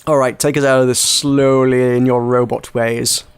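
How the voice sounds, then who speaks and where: A man's voice: mid-range voice, flat delivery, normal speed, clear, resonant tone. A man hosting a casual video game podcast, rambling, laughing and swearing as he talks. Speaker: podcast host. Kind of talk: casual podcast chat about video games.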